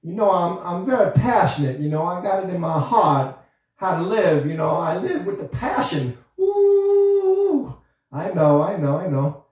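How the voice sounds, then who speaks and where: A man's voice: high voice, big pitch swings, measured pace, darkish tone. A man voicing a passionate female ballerina puppet in a flirty, gushing way. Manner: flirty, gushing, says sugar. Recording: echoey room, voice far from mic.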